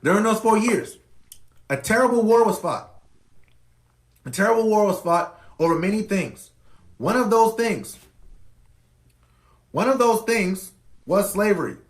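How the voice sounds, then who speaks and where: Guy with a really high voice ranting hard on his podcast, keeps repeating stuff for emphasis, roomy echo. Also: lively intonation, unhurried, pauses often. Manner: impassioned, emphatic, repetitive for effect. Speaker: podcast host. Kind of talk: monologue commentary.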